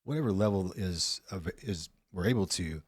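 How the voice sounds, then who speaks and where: Relaxed, low-voiced male podcast host. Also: normal speed, husky. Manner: relaxed and conversational, laughs easily. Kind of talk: casual conversation.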